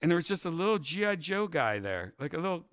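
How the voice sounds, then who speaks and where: A man hosting a casual talk show, rambling through a story and loudly acting out what people said. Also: fairly high pitch, quick pace, smooth, no echo, clean studio sound. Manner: rambling, animated, acts out quotes loudly. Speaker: podcast host.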